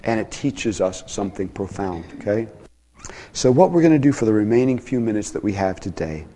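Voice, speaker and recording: A man preaching a sermon as pastor, with a dynamic delivery that swings from soft, low passages to emphatic, raised ones. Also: lively intonation, brisk, slight background noise.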